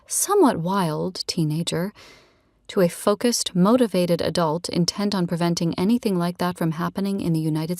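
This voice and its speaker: A woman narrating a romance novel in a measured, steady storytelling voice. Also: fairly low pitch, no room sound, clean studio sound. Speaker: audiobook narrator. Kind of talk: scripted narration.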